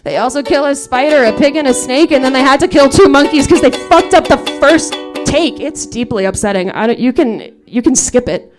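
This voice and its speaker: High-pitched woman, late 20s, sing-talking a sweary funny story, ukulele going underneath. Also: brisk, music in the background. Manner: profane, wry, sung-spoken storytelling. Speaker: comedic singer-songwriter. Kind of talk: comedic storytelling song with spoken asides. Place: live stage in a saloon. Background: her own ukulele accompaniment.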